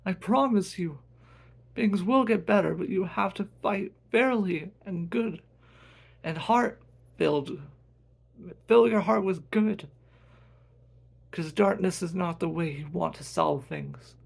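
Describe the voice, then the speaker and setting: A man's voice: high voice, takes it slowly, creaky, pauses often, breathy edge, pitched above the performer's own voice, full character voice. A man doing an earnest, pleading brother. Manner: pleading, urgent, emphatic.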